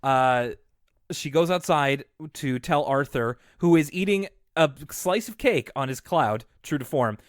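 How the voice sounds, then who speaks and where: A man's voice: on the high side, lively intonation, a little slow, dry recording, clean studio sound. A young man co-hosting a casual podcast, chattily recapping a cartoon episode and acting out the lines. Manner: chatty, laughs easily, acts out quotes. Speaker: podcast co-host.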